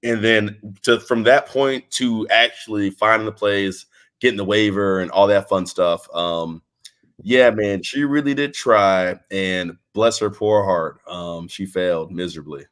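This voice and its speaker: Low-voiced laid-back man, rambling chat. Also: unhurried, fairly bright tone. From Texas. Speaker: wrestling guest. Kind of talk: casual interview chat.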